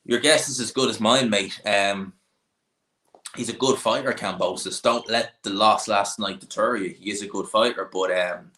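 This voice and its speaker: In a roomy, echoey space, a young Irish man runs a casual live chat for his boxing channel, responding to viewers with opinions and many fillers as he thinks aloud. He has a lowish, pushed and bright voice with fairly even intonation at normal speed.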